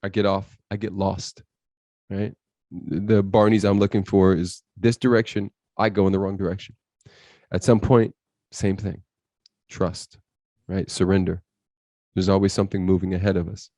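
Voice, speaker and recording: Low-voiced man telling an intense story. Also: level tone, moderate pace, pauses often, mellow, no room sound. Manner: intense, quotes his inner voice and others. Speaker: podcast guest.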